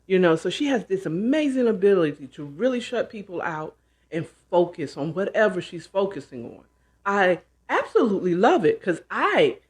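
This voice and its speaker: Woman chatting her way through a book. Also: medium pitch. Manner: chatty, animated asides. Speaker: host. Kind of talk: casual book retelling and commentary.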